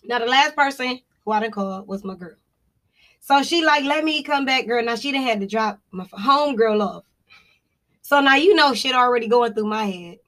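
A woman with a high-pitched voice tells a personal story on a podcast. Her tone is bright and clear, and she is loose and profane. She keeps it animated and full of laughter. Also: moderate pace. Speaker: podcast co-host. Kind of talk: casual storytelling chat.

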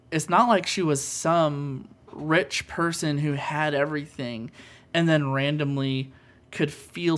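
A man's voice: a little high, fairly bright tone. A man co-hosting a podcast, chatting casually about films in an earnest, rambling way with many fillers. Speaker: podcast co-host.

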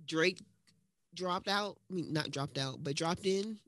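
A woman co-hosting a casual podcast, talking in an animated, rambling way with teasing and swearing. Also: lowish voice, measured pace, dry recording. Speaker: podcast co-host. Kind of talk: casual chat. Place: at home in another city from her co-host.

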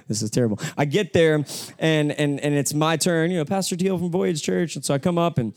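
A man's voice: a little high, a little fast, dry recording, studio quality. Joking, conversational male pastor preaching. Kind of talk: sermon. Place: church hall with live congregation.

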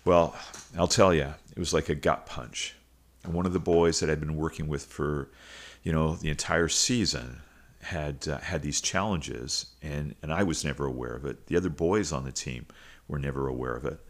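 A man's voice: extremely low pitch, normal speed. A middle-aged man and coach telling a personal story in an earnest, reflective way, with frequent fillers and restarts. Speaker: high school football coach and podcast host.

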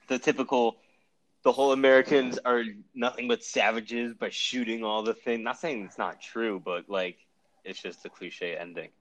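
A man's voice: mid-range voice, steady tone, normal speed, fairly bright tone, slight background noise, low-quality recording. A married man co-hosting a movie podcast, arguing his points and acting out quotes in mock voices. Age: adult, married. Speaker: podcast co-host. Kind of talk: casual movie-review chat.

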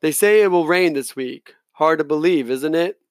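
An aging general, smooth and courteous on the surface but cold underneath, as a male reader puts him on, in a slightly raised voice. The delivery is dry and close, with no room around it. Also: a little high, normal speed, no echo, lightly acted. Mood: veiled threat. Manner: thinly polite, veiled menace. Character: older Afghan general, coolly condescending.

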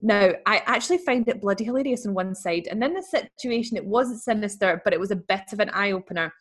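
A woman's voice: medium pitch, lively intonation, fast. A woman who co-hosts a podcast, reading a listener's letter aloud in a chatty, wry way and laughing easily. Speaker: podcast co-host.

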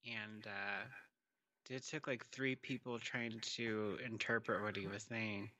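A man's voice: fairly low pitch, steady tone, sharp tone, rough recording. A man in casual chat who laughs freely and swears while telling work stories. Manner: laughs freely, profane, quick reactions.

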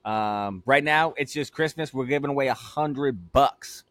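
A man's voice: mid-range voice, a little slow, fairly bright tone, no room sound. A young man co-hosting a casual podcast, loose, joking and swearing freely. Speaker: podcast co-host.

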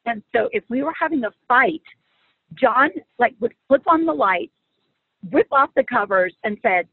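A middle-aged woman speaking as a guest on marriage and faith, teaching in a conversational, animated and humorous way. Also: a little high, moderate pace, slightly rough, no room sound. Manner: animated and humorous, acts out quoted lines. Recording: phone-like dry audio.

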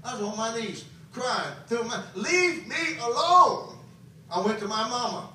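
High-voiced preacher in an echoing hall. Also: male voice, a little fast, a bit bright. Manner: emphatic, questions the congregation. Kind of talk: sermon. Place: camp meeting hall. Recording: very echoey, from a distance, faint noise.

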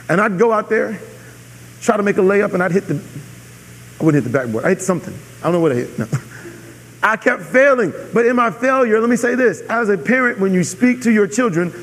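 High-voiced preacher in a reverberant hall. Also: male voice, expressive, moderate pace. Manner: emphatic, repeats key phrases, asks audience "are you with me". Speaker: pastor. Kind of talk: sermon.

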